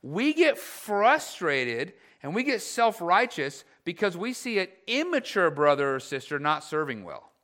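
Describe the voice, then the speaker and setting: A male pastor delivers his sermon with a high, bright voice. His pitch swoops widely as he presses his points bluntly and acts out the grumbles of his congregation. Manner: animated, blunt, acts out grumbling church members in quoted voices.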